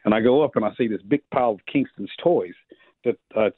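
A man of about fifty telling funny family stories in a casual chat, co-hosting a show and jumping higher whenever he quotes someone. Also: fast, no room sound. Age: 50s. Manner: animated storyteller, jumps higher for quoted voices. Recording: tinny phone-like radio sound.

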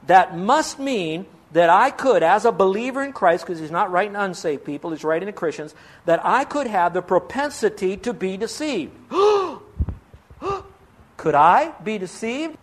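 An earnest pastor with a notably high voice for a man preaches from a church pulpit. He pleads with his listeners and presses them with questions, lifting and dropping his pitch in a lively way. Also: brisk. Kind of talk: sermon.

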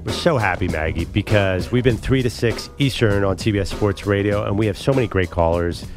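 A man's voice: on the low side, a little fast, music in the background. A man co-hosting a sports radio show, chatty and promotional as he invites callers. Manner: chatty, plugs the phone lines.

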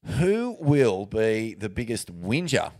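A man's voice: lowish voice, sing-song, takes it slowly, a little mellow, no echo. Aussie guy cohosting a podcast, swears a lot, jokey, dry close sound. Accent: Australian. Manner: crude, joking, full of fillers and restarts. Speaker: podcast co-host. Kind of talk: casual banter.

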